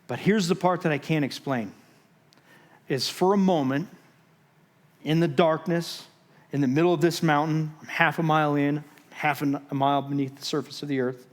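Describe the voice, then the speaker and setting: A man giving a sermon as guest speaker, telling a personal story with dramatic pauses, moving between loud and hushed moments. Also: a little high, steady tone. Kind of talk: sermon testimony. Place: church stage.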